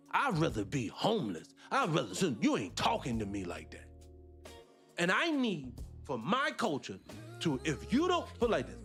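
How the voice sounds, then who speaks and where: A man with a Black American accent, giving heated, profane reaction commentary as a channel host. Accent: Black American English. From United States. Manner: profane, animated, swinging between loud and low.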